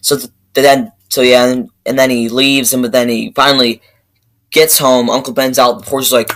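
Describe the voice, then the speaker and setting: A man giving a rambling, profane movie review rant that keeps flaring up into loud outbursts. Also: medium pitch, level tone, normal speed, rough recording.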